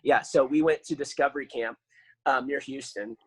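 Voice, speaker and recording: A man's voice: mid-range voice, moderate pace, slightly rough, no room sound, low-quality recording. A man, a podcast guest telling casual stories full of fillers. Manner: animated storyteller, lots of fillers.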